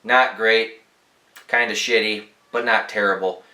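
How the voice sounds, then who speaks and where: A man's voice: on the low side, fairly even intonation, unhurried, pushed and bright, reverberant, low-quality recording. A young man hosting a podcast, telling laid-back, profanity-laced stories in a rambling, casual way. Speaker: podcast host. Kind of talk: casual storytelling.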